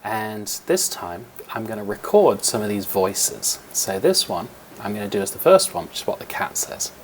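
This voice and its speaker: Into a computer microphone, a man with a lowish voice and big pitch swings teaches young children a coding lesson over a screen recording. At a moderate pace, with a little hiss or hum, he explains step by step patiently, using fillers.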